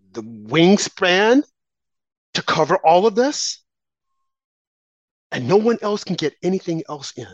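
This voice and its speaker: Political commentator, impassioned monologue, animated swooping pitch, rhetorical questions, dull lo-fi sound. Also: no room sound. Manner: repeats phrases and asks rhetorical questions; mocks opponents in quoted asides. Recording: slightly dull lo-fi recording.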